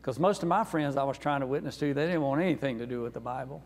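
A man's voice: mid-range voice, quick pace. A man, preaching as a guest speaker and telling a personal testimony in a folksy, earnest way. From North Carolina. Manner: folksy, earnest, warm storyteller. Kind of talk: sermon testimony storytelling. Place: church sanctuary. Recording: reverberant church sanctuary.

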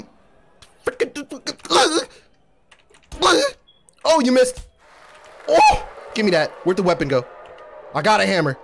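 Young male gaming YouTuber, high and animated, hype trash-talk, mutters then yells. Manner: excitable, trash-talking, swings from mumbling to shouting. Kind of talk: gameplay commentary.

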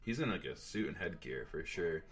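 A man's voice: sits low, very animated, normal speed, slightly rough. A man co-hosting a podcast, chatting casually and reacting eagerly about a horror film. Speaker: podcast co-host. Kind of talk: casual movie review chat.

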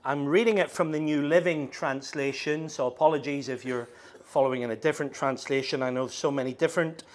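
A middle-aged man with a Northern Irish accent preaching a sermon, speaking slowly and deliberately with frequent ums and restarts. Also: medium pitch, steady tone. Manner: slows down, halting with fillers.

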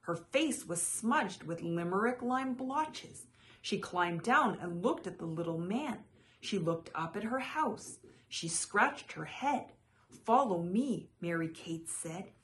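A woman storyteller reading a children's picture book aloud with expressive, slow dramatic phrasing. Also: medium pitch.

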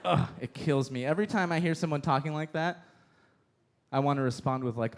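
A man doing a stand-up set on a theater stage, animated and mocking, talking about his family from Cuba. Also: fairly quick. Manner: animated, switches to shrill mocking voices for quoted people. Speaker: stand-up comedian. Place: theater stage before a live audience.

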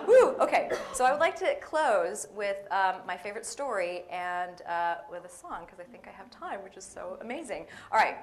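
A woman giving a playful, storytelling guest sermon to a church audience, acting out little voices and dialogue as she goes. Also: on the low side. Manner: animated, playful, acts out voices in stories. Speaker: guest speaker.

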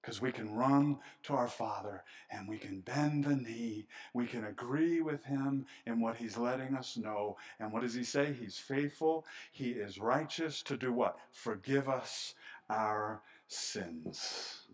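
A middle-aged man preaching a sermon as pastor, animated and swinging between hushed and loud passages. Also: medium pitch, slow pace.

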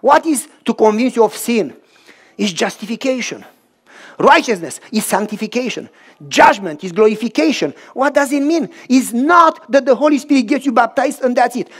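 A man's voice: very high-pitched, moderate pace. A man preaching a sermon as pastor, telling a story animatedly with short, emphatic repeated phrases. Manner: animated and emphatic, acting out voices and rhythmic sounds; short repeated phrases, stressing each word.

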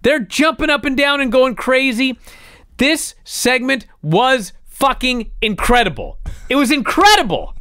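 A podcast co-host telling a wrestling story in casual chat, animated and full of swearing. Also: high-pitched, measured pace, smooth, dry recording, clean studio sound.

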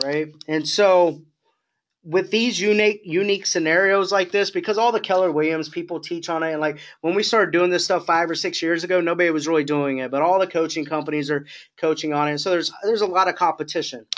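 A man with a high voice runs a sales coaching call. He talks casually and loosely, restarting his sentences and adding asides as he explains. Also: fairly bright tone. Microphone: conference call line.

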